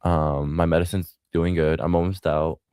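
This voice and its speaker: A man's voice: deep voice, flat delivery, normal speed, a little mellow, clean tone, no room sound. A man co-hosting a casual talk show, answering in hesitant, mumbled short replies. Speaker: co-host.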